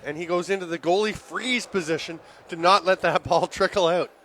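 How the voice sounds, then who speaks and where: High bright excitable play-by-play man. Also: slight background noise. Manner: rapid, excitable calls that rise on goals. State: voice giving out, throat clearing. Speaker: play-by-play commentator. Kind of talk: live lacrosse play-by-play.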